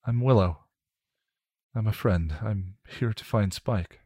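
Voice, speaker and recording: A man's voice: on the low side, slow, mellow, dry recording, clean studio sound. A man voicing a brave, kind young witch who soothes and reassures with determination. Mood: determined.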